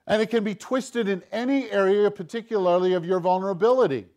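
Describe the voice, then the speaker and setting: A man delivering a sermon in a somewhat high voice. He swings between loud, emphatic lines and hushed, low asides. Now and then he acts out the tempter's voice in quoted lines. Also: a little fast, hardly any pauses. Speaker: pastor.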